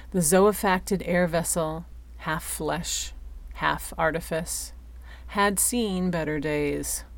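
Slow, low-voiced woman narrating. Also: gravelly. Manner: slow, deliberate storytelling. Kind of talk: audiobook narration.

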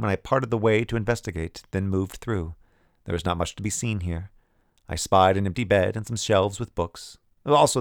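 A man reads a first-person tale in a low, gravelly voice, measured and vivid. The recording is dry and close, with no room sound. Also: dry recording. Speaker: audiobook narrator. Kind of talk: scripted first-person narration.

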